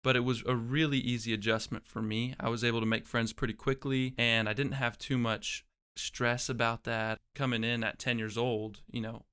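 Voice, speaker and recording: A man's voice: mid-range voice, flat delivery, moderate pace, few pauses, fairly bright tone, smooth. A young man, a guest in an interview, telling his own story in a reflective way and often restarting his phrases. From Oklahoma, USA. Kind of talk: casual personal storytelling.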